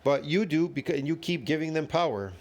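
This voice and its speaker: A man's voice: fairly high pitch, lively intonation, a little fast, darkish tone. A man reacting to a video with a long, emphatic rant full of repeated phrases and rhetorical questions. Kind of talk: ranting commentary.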